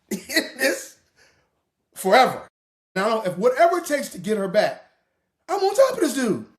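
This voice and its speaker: A man telling a personal story as a podcast host, profane and dramatic. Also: sits high. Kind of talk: casual storytelling monologue.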